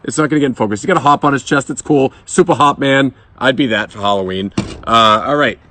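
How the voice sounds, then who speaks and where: A man in his thirties with a Boston accent and a slightly hoarse voice, joking and swearing freely through a casual beer review vlog outdoors in his yard. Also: medium pitch, fast talker, pushed and bright, a little hiss or hum. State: voice a bit hoarse. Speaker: beer vlogger.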